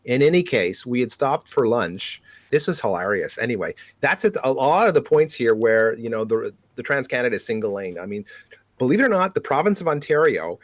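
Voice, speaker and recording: A man's voice: medium pitch, fairly quick, no room sound. A man co-hosting a podcast, telling road trip stories casually and acting out the people he met. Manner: animated storyteller, acts out quotes. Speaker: podcast co-host. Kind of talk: casual storytelling chat.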